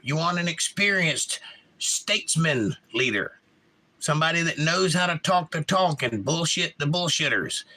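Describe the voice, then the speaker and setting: A man with a slightly high, sharp-toned voice hosts a casual live stream. He answers viewers' chat messages, reading them aloud, and gives blunt, opinionated replies.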